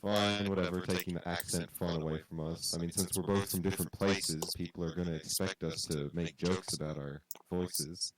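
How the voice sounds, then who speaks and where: A man's voice: low-pitched, fairly even intonation, moderate pace, hardly any pauses, noisy background. A young man chatting and joking while playing a game, teasing on purpose. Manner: jokey and teasing, playfully annoying. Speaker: co-player. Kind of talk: casual chat while playing.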